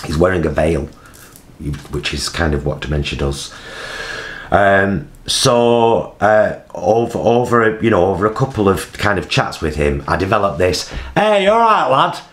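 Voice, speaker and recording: Low-voiced man telling a story. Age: 50s. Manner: acts out voices of people in his story with big jumps in pitch; halting, many fillers. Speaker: vlogger. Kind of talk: personal storytelling vlog.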